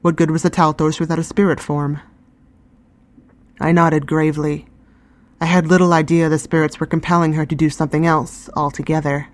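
A woman giving calm, scripted first-person narration of a fantasy story. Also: deep voice, normal speed.

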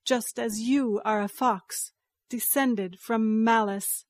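Woman reader as a resolute rabbit-spirit young wife: calm, slow, measured. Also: on the high side, dry recording, clean studio sound.

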